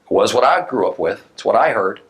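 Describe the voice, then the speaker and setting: A man's voice: on the low side, expressive, brisk, poor audio. A man teaching a recorded Bible class who reads scripture aloud and explains it emphatically to his listeners.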